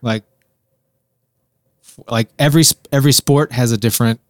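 A man co-hosts a podcast in casual chat, often trailing off mid-sentence. His voice is mid-range with fairly even intonation and a moderate pace, recorded as clean studio sound with no echo.

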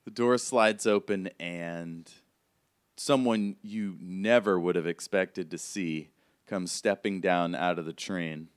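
A man narrates a tabletop game as game master in a relaxed, casual way. His voice sits a little low, with plenty of fillers. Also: takes it slowly, clean tone, dry recording, clean studio sound.

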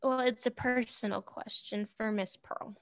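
A woman's voice: a little high, steady tone, measured pace. A woman voicing a polite, slightly hesitant young girl in a tabletop game.

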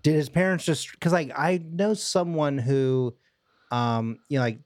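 A man's voice: a little high, steady tone, measured pace, a little mellow, no room sound, clean studio sound. A man co-hosting a casual movie podcast, rambling playfully with many fillers. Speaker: podcast co-host.

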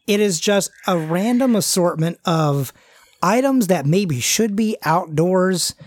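A game master narrating a tabletop role-play, halting and full of fillers. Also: mid-range voice, animated. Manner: halting, many fillers and restarts.

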